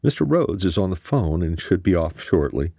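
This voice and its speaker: A man voicing a polite young woman receptionist in an audiobook, talking quickly and helpfully. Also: sits low, very animated, mellow, breathy edge, dry recording, studio quality, exaggerated voice.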